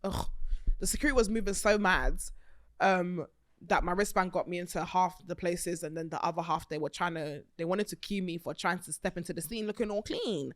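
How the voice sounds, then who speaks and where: Lower-pitched woman, chatty podcast host. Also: brisk, no room sound, studio quality. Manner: chatty, animated, laughs often, swears freely. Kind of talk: casual chat.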